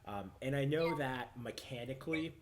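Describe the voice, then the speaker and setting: A man's voice: medium pitch, lively intonation, moderate pace. A man running a tabletop game as game master, narrating loosely with many fillers.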